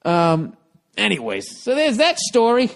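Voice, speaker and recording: A man telling a comic story on a talk show, profane and animated, swinging between loud bursts and quiet asides. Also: very high-pitched, measured pace, gravelly. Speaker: comedian guest. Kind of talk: comedic storytelling.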